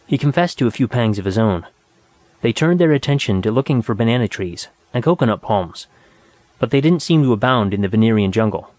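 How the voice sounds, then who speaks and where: A man's voice: medium pitch, expressive, brisk, a little mellow, no room sound. Man narrating a story, dry sound. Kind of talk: audiobook narration.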